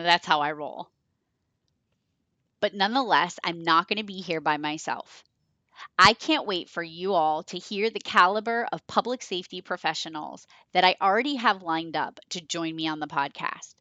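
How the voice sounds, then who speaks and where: A woman's voice: fairly low pitch, bright, forceful tone, no echo. A woman in her forties hosting a podcast, chatty and enthusiastic as she talks about her work and tells stories. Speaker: podcast host. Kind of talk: podcast intro monologue.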